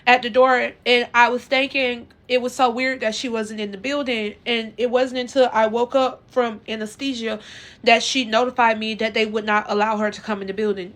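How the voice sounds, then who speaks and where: A woman telling her own story to her viewers in a casual, earnest way, rambling and halting with lots of fillers and restarts. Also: a little high, fairly bright tone. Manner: earnest and emotional.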